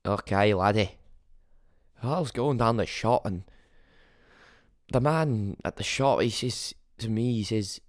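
A man's voice: on the low side, a little slow, long pauses, no room sound, studio quality, lightly acted. A man doing a throaty boozy Scotsman. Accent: put-on Scottish. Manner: rough, throaty, jokey. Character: boozy, chatty Scottish man who likes whisky.

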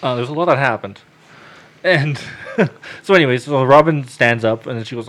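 A man's voice: medium pitch, brisk. A man on a podcast casually telling a long story, swearing freely and acting out what people said. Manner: animated, swears freely, acts out dialogue.

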